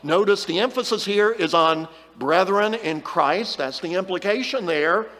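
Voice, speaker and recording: A man's voice: high-pitched, a little slow, sharp tone, big-room sound. A man giving a Bible lesson sermon in an earnest, emphatic way, stressing the words he reads from scripture. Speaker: preacher.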